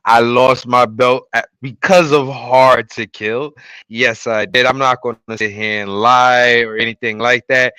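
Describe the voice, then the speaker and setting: A man's voice: medium pitch, fairly even intonation, takes it slowly, sharp tone, smooth, no room sound, rough recording. A man hosting a casual wrestling podcast, introducing his co-hosts like a hype announcer and swearing when worked up. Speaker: podcast host.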